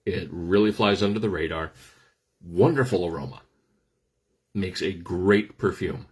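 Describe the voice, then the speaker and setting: A man's voice: deep voice, unhurried, darkish tone, slightly rough. A middle-aged man hosting a casual talk on essential oils, explaining things with dry, self-deprecating jokes. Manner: joking, self-deprecating asides. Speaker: host.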